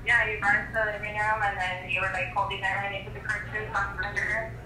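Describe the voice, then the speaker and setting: Flat-voiced woman over a speakerphone. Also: mid-range voice, a little fast. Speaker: girlfriend called on speakerphone. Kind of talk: casual phone chat. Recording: phone on speaker in an echoey room with faint noise.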